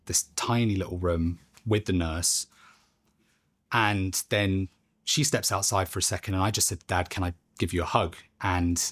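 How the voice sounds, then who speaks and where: A young man telling a personal story in a halting, emotional way, with long pauses. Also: fairly low pitch. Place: studio.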